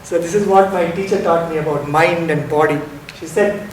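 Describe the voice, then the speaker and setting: A man's voice: a little high, steady tone, normal speed. A man giving a spiritual lecture as a meditation teacher, explaining step by step, asking rhetorical questions and stressing key words. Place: lecture hall. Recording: roomy hall, distant mic, faint noise.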